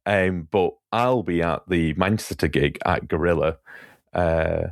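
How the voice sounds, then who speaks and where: A man with a Lancashire accent and a deep, low voice hosts a podcast with chatty enthusiasm. His voice is recorded dry and close, with no room sound. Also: unhurried, creaky, no echo. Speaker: podcast host. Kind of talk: casual interview chat.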